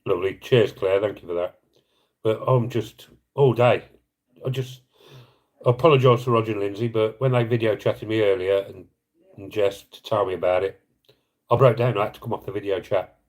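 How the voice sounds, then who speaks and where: A man talks on a live stream in a fairly low voice. He is earnest and emotional, rambling a little and apologising as he goes, and he breaks off to thank viewers by name in casual chat. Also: steady tone, moderate pace, a little mellow, low-quality recording. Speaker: live streamer appealing for donations.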